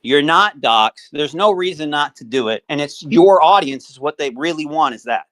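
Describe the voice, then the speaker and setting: A man's voice: fairly high pitch, expressive, moderate pace, a bit bright. A man in his thirties calling in to a livestream, arguing in a mocking, profane, combative way. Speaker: guest caller. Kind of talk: heated argument on livestream.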